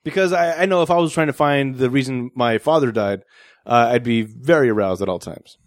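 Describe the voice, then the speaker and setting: A man's voice: mid-range voice, brisk, no echo, studio quality. A man co-hosting a podcast, mocking a movie in casual chat with sarcastic jokes. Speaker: podcast co-host.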